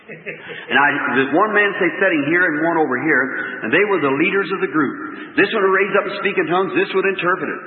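A man, preaching and telling a folksy story with chuckles. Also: a little high. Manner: folksy, chuckling anecdotal delivery. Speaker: evangelist preacher. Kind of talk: sermon storytelling. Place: large hall with audience. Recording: tinny echoey hall recording with faint hiss.

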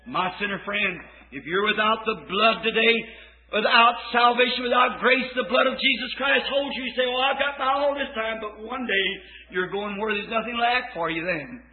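A man preaches fervently, climbing into shouts and then sinking into soft pleading. The sound is thin and tinny, like an old tape recording, with faint music behind him. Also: high voice, moderate pace. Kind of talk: sermon with altar call.

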